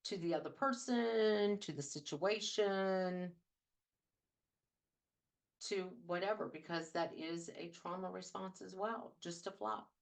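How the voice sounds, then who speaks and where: A woman with a somewhat low voice hosts a coaching talk show. She speaks earnestly and conversationally, with the easy pace of casual advice. She leans on repeated phrases to drive her points home. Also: slow, gravelly.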